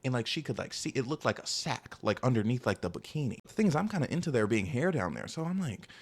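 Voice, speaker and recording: A young man in his twenties telling a casual, rambling story about his dating past, animated and full of asides. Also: mid-range voice, fast, slightly rough. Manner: animated, rambling, heavy use of "like". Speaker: storytime vlogger.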